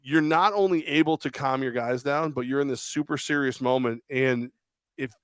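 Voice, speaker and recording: Animated man telling sports stories. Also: mid-range voice, normal speed, clear, resonant tone, dry recording. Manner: animated storyteller, acts out quotes. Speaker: podcast co-host. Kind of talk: casual sports chat.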